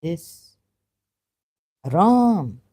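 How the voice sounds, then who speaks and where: Woman, low voice, mellow tone, halting and emotional. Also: sing-song, husky. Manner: emotional, searching aloud, halting with fillers. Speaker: ex-Muslim commentator. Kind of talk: casual commentary reading scripture.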